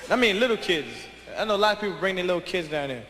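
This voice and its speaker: A male stand-up comedian talking loudly and crudely straight to the crowd on a club stage. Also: high voice, lively intonation, racing. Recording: echoey live venue with crowd noise.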